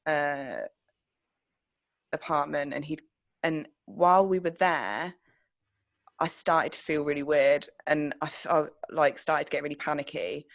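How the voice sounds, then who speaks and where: A woman's voice: low-pitched, dry recording. Chatty young woman. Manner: chatty storytelling with many "like"s, swears freely. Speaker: podcast co-host. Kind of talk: casual chat.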